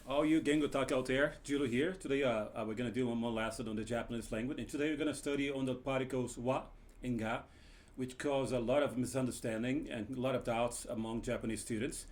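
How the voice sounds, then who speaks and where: A man teaching a Japanese grammar lesson, often pausing with fillers while he explains. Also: medium pitch, fairly even intonation, darkish tone. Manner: hesitant, many filler pauses while explaining. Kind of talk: language lesson.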